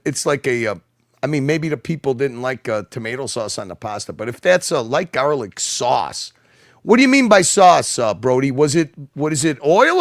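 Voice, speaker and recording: A man co-hosting a casual chat, animated and swearing, quick to laugh as he judges a meal. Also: on the high side, dry recording, studio quality. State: married. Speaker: co-host. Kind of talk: casual food chat on a show.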